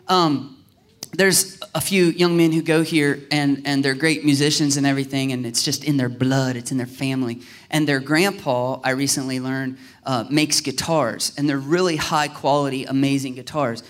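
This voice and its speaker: A male pastor preaching a sermon in an animated way, acting out voices and rising to near-shouts. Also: mid-range voice, moderate pace.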